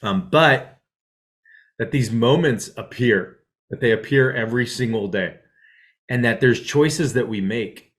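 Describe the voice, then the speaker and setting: A man teaching a mindfulness class in a casual, rambling way, often checking in with "right?" and dropping to a soft hush to guide the breath. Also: mid-range voice, a little slow, pauses often. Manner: drops to a soft hush when guiding breath.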